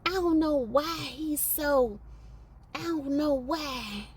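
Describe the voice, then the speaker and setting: A woman putting on a higher voice to play an evasive woman feigning innocence, stammering and drawling. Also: slow pace, distant mic, slight background noise. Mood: feigned confusion.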